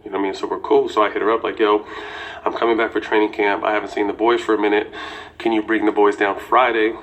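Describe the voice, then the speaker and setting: A man's voice: lowish voice, level tone, fast talker, fairly bright tone, slight background noise, poor audio. A man in his forties telling a personal story casually and candidly, with swearing and lots of "you know".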